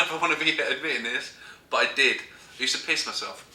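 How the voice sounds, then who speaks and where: A man's voice: mid-range voice, a little fast, bright, forceful tone. A man telling a comic story casually, often breaking into giggles. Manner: giggly, keeps breaking into laughter. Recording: echoey room.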